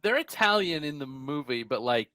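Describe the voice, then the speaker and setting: A man in his thirties co-hosting a podcast, chatty and quick to laugh in casual talk over a video call. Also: fairly high pitch, lively intonation, bright, forceful tone, no room sound. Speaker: podcast co-host. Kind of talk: casual chat.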